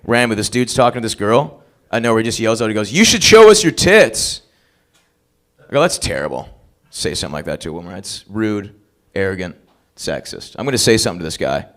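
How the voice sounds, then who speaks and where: A man's voice: on the low side, fast, hardly any pauses. A man hosting an open mic comedy night, working the crowd with crude, profane banter on a club stage.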